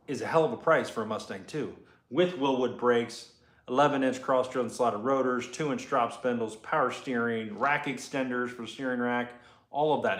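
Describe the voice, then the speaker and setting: A man's voice: mid-range voice, a bit bright, echoey room. A man hosting a casual live chat from his garage, answering viewer comments as he rambles, laid-back and profane. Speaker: host and car builder.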